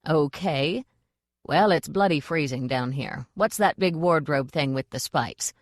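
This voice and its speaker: A woman's voice: deep voice, measured pace, dry recording, clean studio sound. A woman voicing a blunt, unflappable old witch who talks in a matter-of-fact way in an audiobook.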